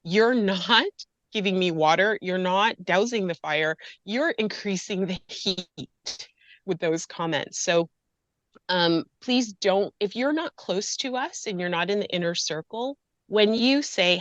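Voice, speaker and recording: A woman with a mid-range, fairly bright voice speaks expressively and without hurry, as a guest grief and loss coach in an emotional personal interview. She sounds earnest, impassioned and pleading, close to tears. The recording has no room sound but the audio is dull.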